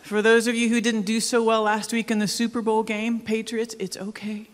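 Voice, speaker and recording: A woman's voice: a little high, little pitch movement, moderate pace. Woman pastor, sermon, light and teasing with the congregation, long church reverb. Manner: joking, conversational, asks the congregation questions. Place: church hall.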